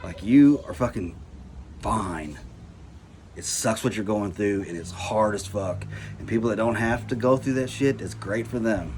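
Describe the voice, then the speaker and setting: A fairly low, slightly mellow male voice at a moderate pace belongs to a vlogger ranting casually to his camera about anxiety. He swears heavily and rambles, using "like" and "you know" constantly, with noisy background hiss on the recording.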